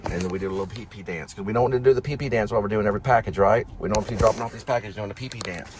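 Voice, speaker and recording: A man's voice: lowish voice, rapid-fire, crowd noise. A man chatting casually and rambling while driving, joking and repeating phrases. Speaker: vlogger, delivery driver. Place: inside a vehicle while driving. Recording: loud vehicle road noise.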